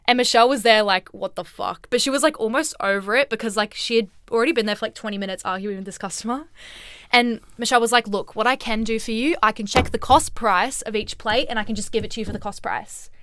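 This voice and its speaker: A woman's voice: fairly high pitch, fast. A young woman, co-hosting a casual chat podcast, telling a work story with lots of acted-out quotes and swearing. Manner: animated storyteller, acts out quotes, swears freely. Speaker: podcast co-host.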